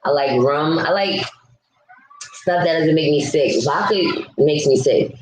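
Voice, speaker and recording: A woman's voice: deep voice, measured pace. A woman chatting casually with her viewers on a live stream, blunt and ranting, answering comments as she goes. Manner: blunt, ranting, talks back to chat. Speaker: vlogger. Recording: echoey room with faint background hum.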